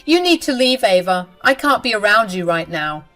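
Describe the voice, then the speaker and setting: A woman's voice: mid-range voice, big pitch swings, normal speed, bright, forceful tone, soft background music. A woman voicing an angry young husband who firmly defends his wife. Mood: indignant. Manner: firm, indignant.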